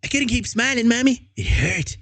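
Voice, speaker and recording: Creepy little boy voice, sweet and singsongy, real high, man doing it, dry mic. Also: animated, normal speed, creaky, a bit bright, no room sound, heavily acted. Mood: eerie sweet. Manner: sweet childlike sing-song. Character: creepy cheerful boy gone insane.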